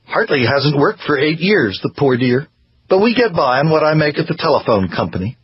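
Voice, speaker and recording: A man's voice: fairly high pitch, sing-song, a little fast, slightly rough, no room sound, dull audio, pitched above the performer's own voice, exaggerated voice. A man voicing a thin, cheerful wife whose sweet manner hides bitterness, in a read-aloud story. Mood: sweetly cheerful. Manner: sweetly cheerful, gently pushy.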